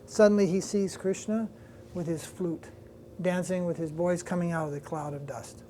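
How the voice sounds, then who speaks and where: Older male swami, mellow tone, storytelling sermon style, faint room hum behind. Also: high voice. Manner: lively retelling with quoted voices, pauses to recall details. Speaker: swami giving a religious class. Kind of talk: devotional storytelling lecture.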